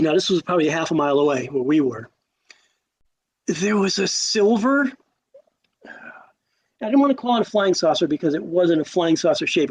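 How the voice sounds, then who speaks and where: Animated older man, high voice. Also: poor audio. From Connecticut, USA. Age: 60s. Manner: animated, acts out quotes, frequent restarts. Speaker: podcast guest. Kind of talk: casual storytelling.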